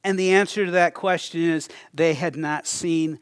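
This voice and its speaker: A man's voice: a little high, fairly even intonation, moderate pace, clean tone, no echo, studio quality. A male pastor preaching a conversational sermon, restarting phrases often and chuckling between thoughts.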